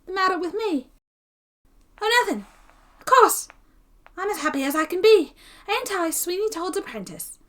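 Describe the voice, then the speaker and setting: A woman's voice: extremely high pitch, expressive, unhurried, fairly bright tone, pitched above the performer's own voice, heavily acted. A woman doing a gloomy young apprentice boy. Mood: sarcastic. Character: timid gloomy young male barber's apprentice.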